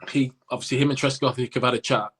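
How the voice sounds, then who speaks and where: A man telling a story on a podcast with plenty of drive, acting out the shouts of fans and teammates along the way. He talks at an ordinary middle pitch, and his delivery is casual and conversational. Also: fast, slightly rough. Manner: animated anecdote-telling with acted-out quotes. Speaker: podcast co-host, former cricketer.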